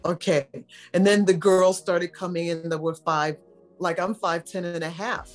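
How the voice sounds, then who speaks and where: A woman's voice: fairly low pitch, normal speed, soft background music. A middle-aged woman from New York, a model telling stories in a casual interview and acting out the voices she quotes. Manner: animated storyteller, acts out quoted voices.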